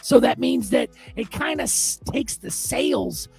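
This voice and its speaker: A man co-hosting a casual chat, excitable and animated, swearing freely. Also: very high voice, a little slow, gravelly, soft background music. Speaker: podcast co-host.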